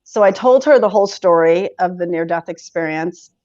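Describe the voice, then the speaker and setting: A woman in her forties, a podcast guest telling a personal story in conversation, animated and quick to laugh as she acts out her past reactions. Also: lowish voice, no room sound. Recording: dull lo-fi sound, dry.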